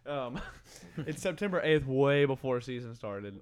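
A man's voice: mid-range voice, lively intonation, a little slow, smooth. A young man casually telling rambling hunting stories among friends, laughing often.

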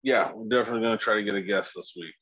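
A man's voice: lowish voice, racing, a bit bright, no room sound, rough recording. A man co-hosting a casual podcast, laid-back and rambling, swearing freely. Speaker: podcast co-host.

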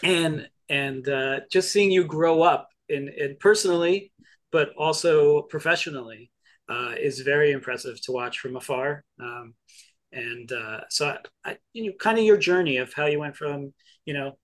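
A man hosts a podcast and asks long, rambling questions. He stops and starts often as he works his way to the point. His voice sits somewhat high for a man. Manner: meandering, halting questions. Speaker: podcast host. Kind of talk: casual interview chat.

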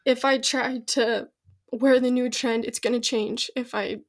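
A woman's voice: on the high side, fairly even intonation, a little slow. A young woman in her teens, a podcast guest, earnestly telling a personal story with frequent giggles. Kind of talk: casual podcast chat.

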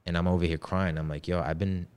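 Deep-voiced young man, laid-back storytelling. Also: little pitch movement, fast talker, a little mellow, clean tone. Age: 20s. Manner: laid-back slangy talk. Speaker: podcast guest. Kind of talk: casual storytelling.

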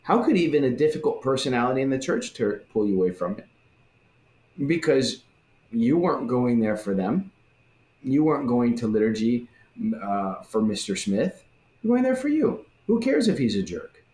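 A man in a casual religious discussion who talks in an animated way and acts out the voices he quotes. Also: mid-range voice, moderate pace. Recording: roomy echo.

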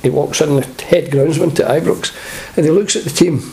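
A man's voice: a little high, steady tone, a little fast, creaky, warm tone. An older man with a Scottish accent, a former footballer telling humorous anecdotes in an interview and laughing along. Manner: chatty, humorous, laughs at his own stories. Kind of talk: anecdotal storytelling.

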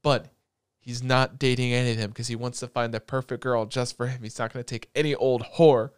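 A young man hosting a casual chat, recapping a story in an animated, rambling, crude and joking way. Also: medium pitch, brisk, clear, resonant tone, no room sound, studio quality.

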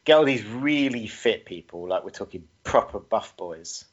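Lively-voiced podcast co-host. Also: male voice, on the low side, moderate pace. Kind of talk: casual chat. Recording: dull lo-fi podcast mic.

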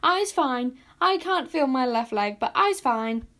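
A squeaky little male sprite gushes in a shrill, tumbling rush, as a woman reads the storybook. He is eager and not very clever, and every word jumps up high. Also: expressive, a little slow, fairly bright tone. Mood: dazed. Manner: shrill, gushing, tumbling words. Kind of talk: storybook reading.

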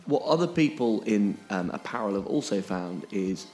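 A man's voice: on the low side, lively intonation, moderate pace, darkish tone, soft background music. A man explaining things on a podcast in an emphatic way, often checking in with "okay?". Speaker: podcast co-host.

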